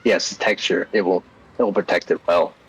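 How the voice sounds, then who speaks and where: A man's voice: sits low, fairly even intonation, a little fast, a crowd in the background, low-quality recording. A playful man taking part as a player in a tabletop game, laughing often. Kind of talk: casual tabletop play.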